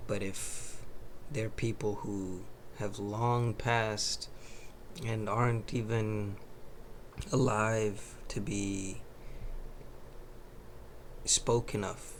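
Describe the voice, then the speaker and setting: A man hosting a reaction video, commenting casually in a slow, drawn-out way and swearing freely. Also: fairly low pitch, level tone, slight background noise.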